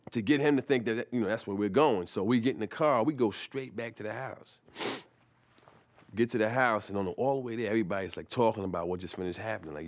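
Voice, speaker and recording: A man's voice: on the low side, fast. Rambling, profane male storyteller. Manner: rambling, profane, repetitive restarts. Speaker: comic storyteller. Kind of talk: animated anecdote telling.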